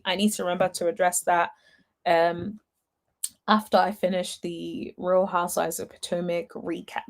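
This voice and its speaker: A young adult woman hosting a casual reality TV recap, chatty and sassy, answering viewers' comments with lots of fillers. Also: mid-range voice. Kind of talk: casual chat reading live comments.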